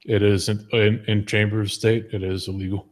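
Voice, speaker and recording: A man's voice: on the low side, level tone, normal speed. A man hosting a live stream, chatting casually about online drama, laughing often and repeating his words as he goes. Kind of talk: casual political chat.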